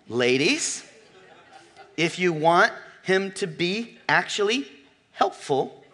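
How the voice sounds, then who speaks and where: A man preaching to his church congregation with a bright, slightly high voice. He talks with emphatic swings, dropping to quiet asides, then climbing to near-shouts and stretching out key words. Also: big pitch swings, takes it slowly, long pauses, breathy edge. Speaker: pastor. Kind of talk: sermon. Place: church sanctuary.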